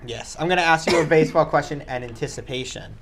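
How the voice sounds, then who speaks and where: A man's voice: a little high, fast, vocal fry, fairly bright tone. A man co-hosting a casual watch-along chat, chatty and opinionated. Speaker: co-host.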